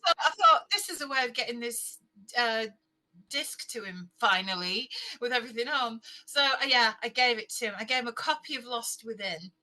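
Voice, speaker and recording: Bright, lively woman storyteller. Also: on the high side, moderate pace, poor audio. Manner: chatty storyteller who laughs often and acts out quotes. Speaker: interview guest, fanfiction author. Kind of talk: casual anecdote-telling.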